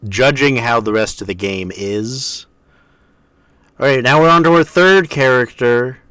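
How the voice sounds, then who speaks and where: A man's voice: medium pitch, measured pace, sharp tone, clear, resonant tone, no echo. A man streaming a video game, chatting casually with easygoing, wry, self-deprecating jokes. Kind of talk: casual let's-play chat.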